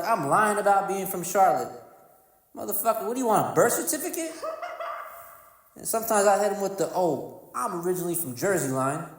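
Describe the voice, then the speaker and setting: Brash high-voiced comedian in echoey room. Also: male voice. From North Carolina. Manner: brash, profane, mocking storytelling. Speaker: stand-up comedian. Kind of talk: stand-up comedy routine. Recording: echoey room with long reverb.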